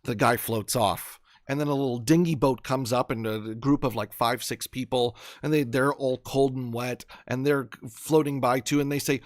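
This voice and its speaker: A man's voice: medium pitch, steady tone, normal speed, few pauses, no room sound. A man hosts a motivational live stream in an earnest, storytelling way. His voice sits mid-range. The sound is dry and close, with no room. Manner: earnest, storytelling, many restarts. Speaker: host.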